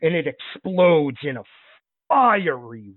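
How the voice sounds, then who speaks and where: A man narrating as game master of a tabletop game in a relaxed, halting way with fillers. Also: medium pitch, no room sound, narrow, tinny audio.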